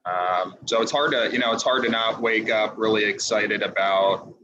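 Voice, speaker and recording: A man speaking as a podcast guest, reflective and halting, with frequent fillers and restarts. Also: lowish voice, fairly even intonation, noisy background. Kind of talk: podcast interview.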